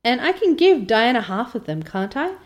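A woman reading aloud as an excitable, chatty orphan girl who gushes with wide-eyed delight. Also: on the high side, normal speed, voice pushed up. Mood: eager. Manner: breathless, gushing, wide-eyed.

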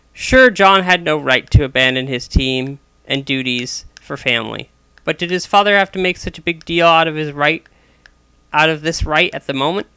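A man narrates a story aloud, stumbling now and then and correcting himself. His voice is bright, smooth and a touch high, recorded close and dry. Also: no echo. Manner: frequent small restarts.

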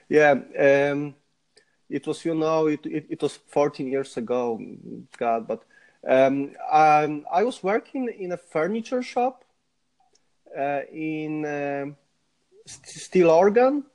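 A man with a Polish accent, a podcast guest telling stories in a halting way with many restarts. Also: on the high side, animated, a little mellow. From Poland. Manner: halting, many repeated starts. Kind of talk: casual interview.

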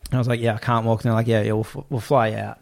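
A man telling a travel story in casual chat, animated, acting out the voices of the people in it and swearing freely. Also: medium pitch, very fast, gravelly.

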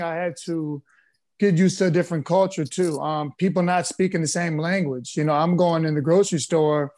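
A man being interviewed on a podcast as a former pro basketball player, telling stories in a relaxed way with plenty of fillers. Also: on the high side. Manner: relaxed storyteller, easygoing with frequent fillers.

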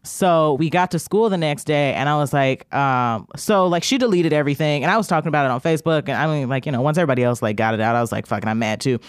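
A young woman, a podcast guest, telling a long story in casual chat, animated and profane, acting out the people she quotes. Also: low voice, quick pace, few pauses, clear, resonant tone, no room sound, studio quality.

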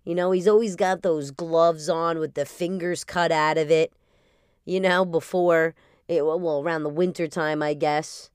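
A woman's voice: low voice, steady tone, normal speed, darkish tone, clear, resonant tone, no echo, studio quality. A woman from New Jersey with a New Jersey accent, hosting a casual solo podcast in a brash, profane and playful way. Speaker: podcast host.

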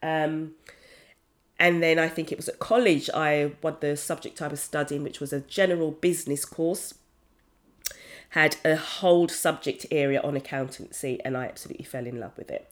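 A woman's voice: low-pitched, moderate pace. A woman in her fifties, an accountant hosting a podcast, telling her own story in a chatty, candid way with frequent self-corrections and asides. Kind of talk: personal storytelling monologue.

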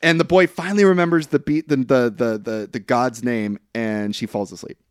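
A man's voice: mid-range voice, steady tone, normal speed, smooth, no echo, studio quality. A man casually retelling a film's plot on a podcast, rambling with fillers and quoting the characters. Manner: rambling, laughs often, quotes characters. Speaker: podcast co-host. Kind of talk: casual movie recap chat.

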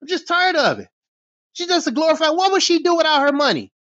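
A man's voice: very high-pitched, sing-song, quick pace, a bit bright, no echo. Heated American man, foul-mouthed vlog rant, dull dry lo-fi sound. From United States. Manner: angry, profane, heated ranting. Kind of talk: ranting vlog monologue.

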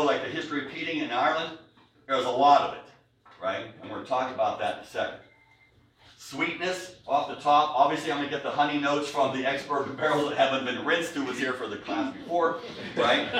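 A man's voice: on the high side, fairly bright tone. Man, whiskey tasting talk, chatty, jokey asides, very echoey room, mic at a distance. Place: room with a live audience. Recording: echoey room, recorded from afar.

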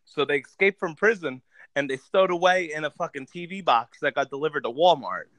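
Rambling, profane man, slightly high voice. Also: expressive, fairly quick, fairly bright tone, no room sound, rough recording. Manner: rambling and profane, with lots of filler words. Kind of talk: casual chat, retelling a movie plot.

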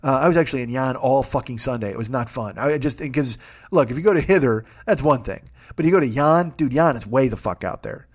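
Fast-talking wry rambling man. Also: medium pitch. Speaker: podcast host. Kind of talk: casual comic monologue.

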